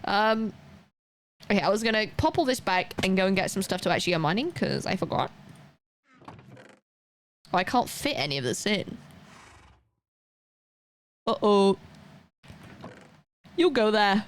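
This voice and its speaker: A woman's voice: medium pitch, very animated, normal speed, pauses often. Rambling woman streamer. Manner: rambling, chatty, goes off on tangents. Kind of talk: casual chat while gaming live.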